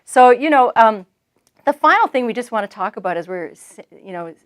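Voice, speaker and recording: A woman co-hosting a marriage devotional, talking earnestly in a casual teaching chat, with halting restarts. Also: fairly high pitch, lively intonation.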